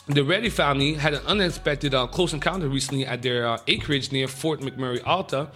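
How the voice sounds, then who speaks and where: A man hosting a radio show, reading the news in a casual, excitable way with jokey asides. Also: on the high side, a little fast, soft background music.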